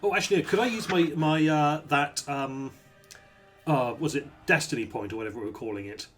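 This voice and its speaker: A man playing in a tabletop game, eager and animated, often restarting his sentences. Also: a little high, fairly quick, soft background music. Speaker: player.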